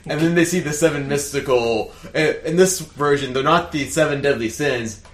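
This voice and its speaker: A man's voice: fairly high pitch, normal speed, reverberant. A man co-hosting a casual chat show, animatedly retelling cartoon scenes with lots of laughter. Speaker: podcast co-host.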